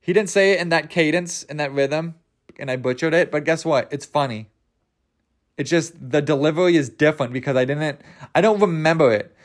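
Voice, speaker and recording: A man's voice: on the high side, a little fast. Rambling jokey young man. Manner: rambling, jokey, stumbles over words. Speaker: podcast host. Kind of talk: casual solo podcast chat.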